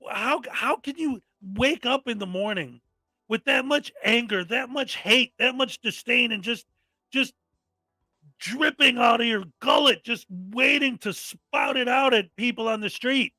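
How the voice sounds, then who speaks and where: High, bright-voiced man ranting in commentary. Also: unhurried, no echo, soft background music. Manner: exasperated, mocking, often mimics people angrily. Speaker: commentary host.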